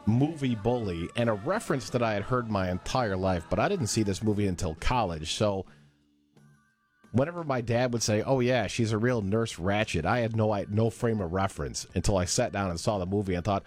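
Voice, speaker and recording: Brief: lively man, low voice, swoops in pitch as he acts out lines, faint music under him. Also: fairly quick. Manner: animated storyteller, acts out quotes. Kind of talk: casual podcast chat.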